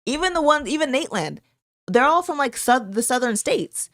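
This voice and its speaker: A woman's voice: high voice, sing-song, moderate pace, a bit bright, no room sound, studio quality. A middle-aged woman co-hosting a casual live podcast, chatty and opinionated. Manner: opinionated, chatty, laughing often. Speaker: podcast co-host.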